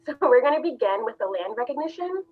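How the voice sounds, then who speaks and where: A woman's voice: high voice, expressive, fast. A woman from New Jersey, an academic librarian presenting a webinar in a chatty, self-deprecating way. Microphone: video call. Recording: tinny phone-like video call audio.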